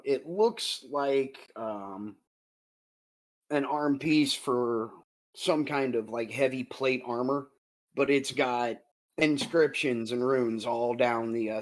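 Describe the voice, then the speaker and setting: A man narrating as game master of a tabletop game, descriptive and unhurried, with frequent fillers. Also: medium pitch, rough recording.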